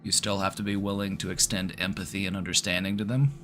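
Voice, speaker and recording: A man giving calm, reassuring, casual advice as the host of a live online therapy stream. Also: deep voice, quick pace.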